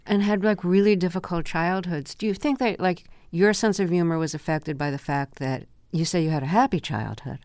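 A woman hosting an interview, asking questions in a measured way with dry teasing. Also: on the low side, a little mellow, dry recording. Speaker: interviewer host. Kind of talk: radio interview.

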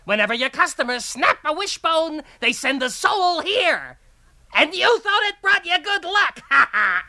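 A man's voice: extremely high pitch, sing-song, a little slow, creaky, sharp tone, voice pushed up, exaggerated voice. A man voicing a cruel, gleeful demonic baby chick, screeching and taunting. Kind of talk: dramatic story reading.

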